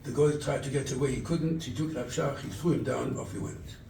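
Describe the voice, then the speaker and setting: A rabbi from England giving a sermon at a charity event, telling stories and acting out the dialogue. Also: male voice, mid-range voice, steady tone, brisk, gravelly, mellow, a little hiss or hum. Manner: storytelling, quotes scripture and acts out dialogue. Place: event hall. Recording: echoey room, distant mic.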